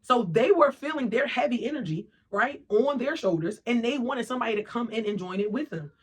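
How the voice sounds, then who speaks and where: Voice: medium pitch, animated, a little fast, slightly rough. A motivational speaker giving an emphatic monologue, often checking in with "right?" and "okay?". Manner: acts out quoted voices of other people.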